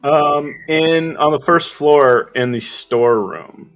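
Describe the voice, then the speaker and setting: A man narrating as game master in a tabletop game, laid-back and quick to laugh. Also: on the high side, fairly bright tone, muffled recording.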